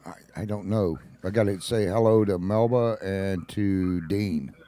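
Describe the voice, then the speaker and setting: Folksy male talk-radio host with a lowish voice, casual and jokey. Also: a little slow, warm tone. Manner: folksy, laughs at his own jokes.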